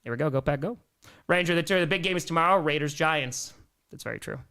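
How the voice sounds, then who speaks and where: A young man hosting a live sports stream, reading out fan donations and messages with energetic, jokey cheering. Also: fairly high pitch, fast talker, clean tone.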